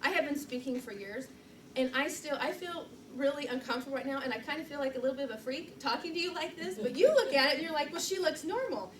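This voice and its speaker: A woman's voice: high voice, fast. Woman, middle-aged, speaking trainer, chatty, laughs often, far from the mic, noisy room. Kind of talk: live training presentation. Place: meeting room, recorded from the back. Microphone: far camera mic. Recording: roomy, distant and noisy room recording.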